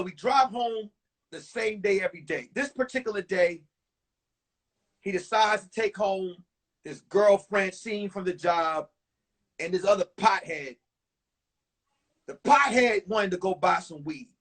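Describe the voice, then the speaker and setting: A comedian tells a blunt, profane story. His voice is unusually high for a man and husky. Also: measured pace, long pauses, fairly bright tone. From New York. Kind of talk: stand-up storytelling.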